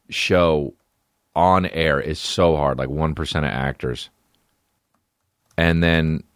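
A man's voice: a bass voice, fairly bright tone, dry recording, studio quality. A man hosting a podcast, talking in a profane, sarcastic, rambling comedic monologue. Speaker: podcast host.

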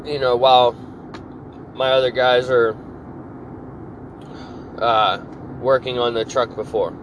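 A man's voice: medium pitch, flat delivery, slow pace, slight background noise, rough recording. A man ranting angrily and profanely about his job, irritated and fed up. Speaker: podcast host. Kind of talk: angry work rant monologue.

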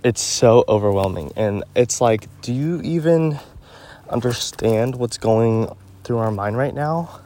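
A man's voice: medium pitch, takes it slowly, warm tone. A teenage boy rambling and ranting into his phone while walking his dog outdoors, full of "like" and "um.". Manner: ranting, filler-heavy with frequent "like" and "um". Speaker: podcast host. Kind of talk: casual rambling monologue.

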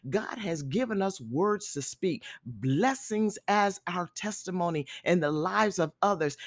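A woman evangelist delivering a measured, emphatic sermon and closing her podcast episode as host. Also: mid-range voice, dry recording, studio quality. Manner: measured, emphatic preaching that stresses key words. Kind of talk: recorded sermon with podcast sign-off.

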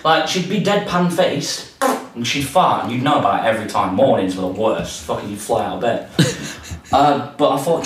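A man's voice: medium pitch, big pitch swings, a little fast, a crowd in the background. A man in his late twenties, a podcast co-host telling rambling, crude stories with lots of laughter and swearing. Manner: rambling, laughing storyteller who swears freely. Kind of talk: casual chat among friends. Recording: roomy, distant mic, noisy background.

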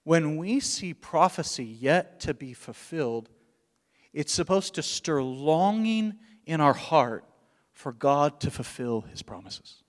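A man preaching a sermon as pastor, with passionate bursts of loud emphasis and dips into hushed, quiet lines. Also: a little high, animated, slow. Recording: long hall reverb.

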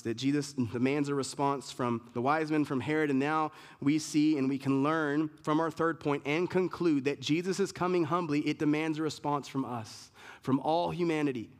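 Man preaching emphatically in a big hall. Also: fairly high pitch. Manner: emphatic, repetitive preaching with many lists and restarts. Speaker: pastor. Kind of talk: sermon. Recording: long reverb of a large hall.

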